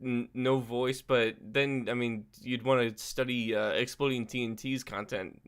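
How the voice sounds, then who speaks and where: A man's voice: mid-range voice, fairly even intonation, measured pace, smooth. A man co-hosting a casual podcast, rambling and hesitant, stacking fillers as he thinks. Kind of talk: casual chat.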